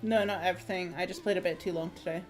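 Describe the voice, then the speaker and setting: A woman's voice: fairly low pitch, steady tone, quick pace, over music. A woman livestreaming a game, chatting casually, reacting aloud and laughing easily. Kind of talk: casual gameplay commentary.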